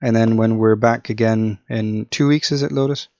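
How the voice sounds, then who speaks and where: A man's voice: on the low side, steady tone, moderate pace, dark tone, no room sound. Man on dull, dry voice-chat audio. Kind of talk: casual voice chat.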